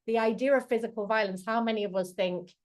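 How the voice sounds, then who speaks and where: A woman's voice: on the high side, quick pace. A woman, a charity chief executive, giving an earnest talk over a video call, acting out quoted dialogue as she goes. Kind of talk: talk on domestic abuse. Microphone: computer mic on a video call.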